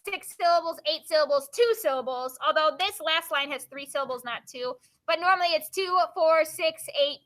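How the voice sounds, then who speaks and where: A woman's voice: high voice, a bit bright. A woman teacher reading a book of poems aloud to her class, stopping to ask students questions and explain.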